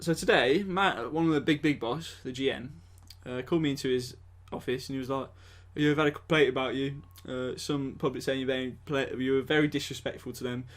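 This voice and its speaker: A man's voice: medium pitch, fairly even intonation, a little fast, hardly any pauses. A young man, chatting bluntly and swearing on a casual podcast. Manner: laid-back, sweary, blunt. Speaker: podcast co-host. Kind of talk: casual chat.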